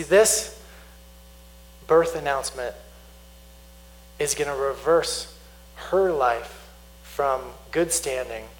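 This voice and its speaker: A man preaching a sermon, teaching earnestly, slowing down to stress key points and reading scripture aloud. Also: medium pitch, rough recording. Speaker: pastor.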